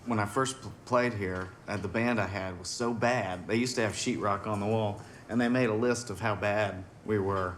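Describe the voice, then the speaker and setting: A man's voice: fairly low pitch, moderate pace, hardly any pauses, slight background noise. A man, a musician being interviewed, telling stories casually and acting out the voices of people he met. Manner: animated, acts out people's voices in his stories. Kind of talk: casual storytelling.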